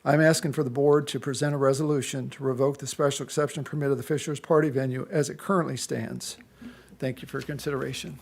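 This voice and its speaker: A man's voice: medium pitch, steady tone, fast, creaky, a little mellow. A man giving an indignant, complaining public comment at a county board meeting. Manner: indignant, complaining, reading a prepared statement. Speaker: resident speaking at public comment.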